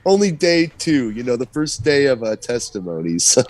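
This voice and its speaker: A man co-hosting a live stream, speaking calmly and laid-back in casual chat. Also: mid-range voice, moderate pace, no echo. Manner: calm, laid-back, chuckling. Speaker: livestream co-host.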